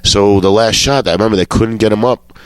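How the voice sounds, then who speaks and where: A man with a deep, low voice recounts showbiz anecdotes as a guest on a talk show. He swears casually and slips into the voices of the people he quotes. The sound is dry and close, with no room around it. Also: a little fast, clear, resonant tone, dry recording. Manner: swearing storyteller who acts out quotes. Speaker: comedian guest.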